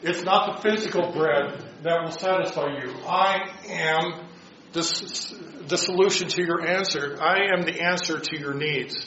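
Man leading a Bible study, voice a bit high, asks the group questions; roomy, muffled sound. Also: unhurried, bright, forceful tone, slight background noise. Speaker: Bible class teacher. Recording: dull echoey room recording.

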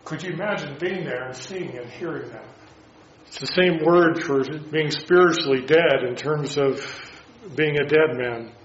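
A man preaching a sermon in a halting way, with restarts and rhetorical questions. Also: fairly high pitch, roomy sound, lo-fi sound, a little hiss or hum.

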